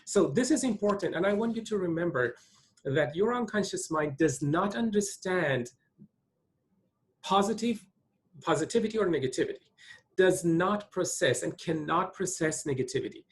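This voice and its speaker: A man's voice: sits high, expressive, normal speed. A man presenting a teaching webinar, talking earnestly with frequent restarts and repeated points.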